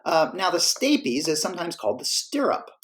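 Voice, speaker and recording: A man's voice: a little high, big pitch swings, moderate pace, a bit bright. A man teaching a class, explaining in a casual, self-correcting way. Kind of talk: classroom lecture.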